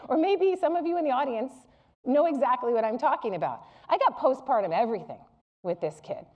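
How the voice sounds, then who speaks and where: A middle-aged woman giving a public lecture to a live audience, candid and humorous as she tells personal stories. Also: sits high. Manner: candid, humorous, animated storytelling.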